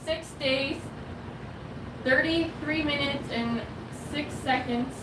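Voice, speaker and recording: A woman's voice: sits high, takes it slowly, recorded from a distance. A woman chatting casually off to the side in a joking, offhand way. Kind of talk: casual chat. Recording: echoey, off-mic, noisy.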